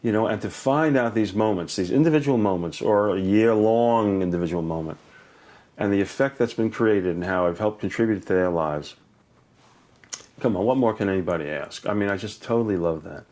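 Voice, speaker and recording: Older male educator guest, low voice, lively anecdotes with laughter. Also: a little fast. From Brooklyn, New York. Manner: animated, laughs often, acts out voices in stories. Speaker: educator and author, interview guest. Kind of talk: warm anecdotal storytelling.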